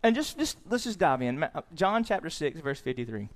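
A male pastor giving a lively sermon with a high-pitched voice. He moves from quiet, conversational stretches into loud, excited bursts, often restarting phrases and repeating words. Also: fairly quick.

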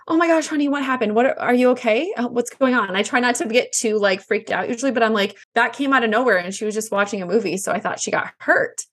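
A woman in her thirties, an Enneagram coach, chatting as a podcast guest and telling animated stories with laughter. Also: medium pitch. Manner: warm, animated storytelling with laughs. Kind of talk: casual interview chat.

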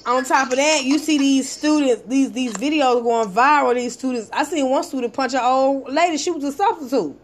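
A woman telling a rough childhood story in casual chat, swearing freely and acting out what people said. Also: high voice, moderate pace, few pauses, a little hiss or hum. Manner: profane, animated, acts out quotes.

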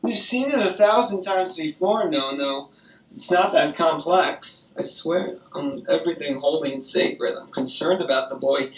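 Young woman, animated, profane, gossipy, echoey room, off-mic. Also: low voice, moderate pace. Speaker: grandchild on the phone. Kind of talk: casual phone chat. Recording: roomy echo, distant from the mic.

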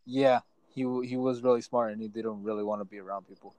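A man's voice: lowish voice, steady tone, fast talker, dark tone, dry recording, low-quality recording. A young man casually telling a school story among friends, full of slang and swearing. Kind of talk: casual chat.

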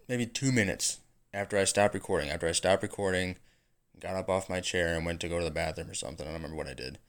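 A man hosting his own podcast in casual solo chat, rambling and swearing freely as he gets excited. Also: low-pitched. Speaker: podcast host.

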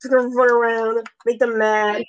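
A woman with a slightly high voice talks through a video game match. She chatters with quick repeated bursts and squeals when things get exciting. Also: highs cut off, crowd noise. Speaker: podcast host and gamer.

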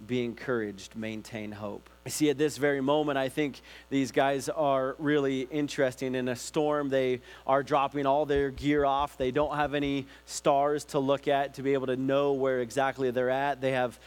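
A man's voice: medium pitch, normal speed, few pauses, clean tone. Casual pastor guy preaching, chatty, acts out little stories, faint mains hum. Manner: conversational, animated retelling of own stories. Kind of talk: casual sermon.

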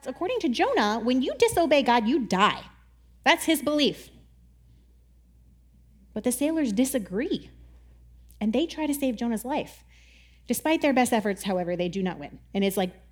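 Brief: casual woman Bible teacher, high voice, lively storyteller who acts out quotes. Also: normal speed. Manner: chatty, animated, says "like" often and acts out quotes.

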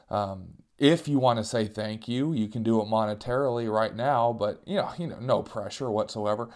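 A man's voice: fairly quick, few pauses. Self-mocking man telling a comic story. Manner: self-mocking, animated, jumps into squeaky voices for quoted cries.

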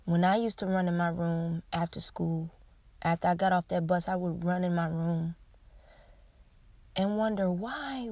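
Young woman pouring her heart out on camera, repeats herself, halting, dry sound. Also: on the low side, flat delivery, mellow, no echo. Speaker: vlogger. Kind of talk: emotional personal confession to camera.

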